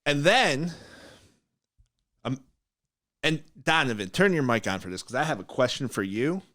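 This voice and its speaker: A man hosting a podcast, telling a story in a blunt, animated way, acting out quotes and laughing often. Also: medium pitch, measured pace, no echo, clean studio sound. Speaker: podcast host. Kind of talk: casual storytelling.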